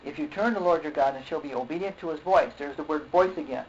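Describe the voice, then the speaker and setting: Man preaching, halting and repetitive, fairly high voice, muffled lo-fi recording, faint hiss. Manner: halting, repeats words, says okay often, clears throat. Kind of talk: sermon. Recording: dull lo-fi recording with faint noise.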